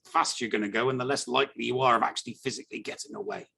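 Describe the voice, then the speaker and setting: English male co-host, gravelly, dry and blunt, casual banter. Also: mid-range voice, fairly even intonation, racing, sharp tone. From England. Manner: blunt, dry, wry complaints. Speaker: podcast co-host. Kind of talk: casual chat.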